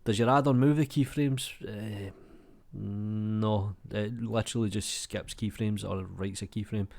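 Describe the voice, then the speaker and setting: A man in his young adult years talks through viewer comments in a loose, unhurried way, swearing freely and calling everyone mate. His voice sits a little low, and he sounds like he is getting over a cold. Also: fairly even intonation, vocal fry, darkish tone. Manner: laid-back, swears freely, says mate a lot. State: has a cold. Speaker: YouTube creator. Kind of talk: casual chat reading viewer comments.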